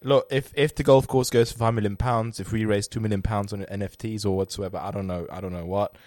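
A man's voice: lowish voice, steady tone, fairly quick, a little mellow, dry recording, studio quality. A man co-hosting a podcast in casual chat, upbeat and joking, laughing often. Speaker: podcast co-host.

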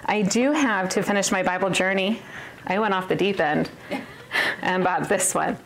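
A woman's voice: medium pitch, normal speed. A woman in her thirties giving a personal testimony to a women's Bible study, earnest and emphatic, often laughing at herself.

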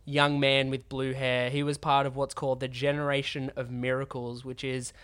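Raspy sick man podcasting. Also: medium pitch, monotone, moderate pace, fairly bright tone. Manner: enthusiastic, gushing. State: sick with a cold, sore throat. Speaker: podcast host. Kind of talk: casual podcast chat.

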